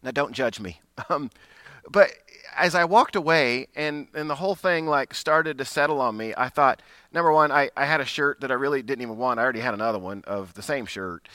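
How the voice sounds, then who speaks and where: A man's voice: medium pitch, pushed and bright, dry recording. A middle-aged man, a pastor, telling a personal story in a conversational, self-deprecating way during a sermon.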